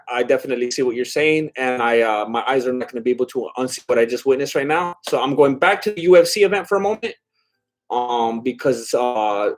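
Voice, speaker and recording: A man streaming live, reading chat and rambling casually with lots of fillers and laughs. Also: mid-range voice. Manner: rambling, filler-heavy, self-deprecating laughs.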